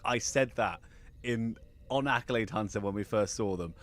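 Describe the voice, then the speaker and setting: A man co-hosting a live gaming show in casual chat, excitable and stammering with frequent restarts. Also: fairly low pitch, normal speed. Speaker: co-host.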